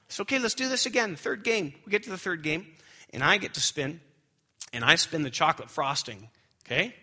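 A young adult man preaching a sermon with animated storytelling that swings high when he gets excited. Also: a little fast. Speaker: pastor.

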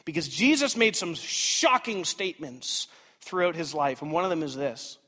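A man in his thirties preaching a sermon as pastor, animated and dramatic, swinging between loud outbursts and hushed asides. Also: on the high side, moderate pace. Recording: reverberant church hall.

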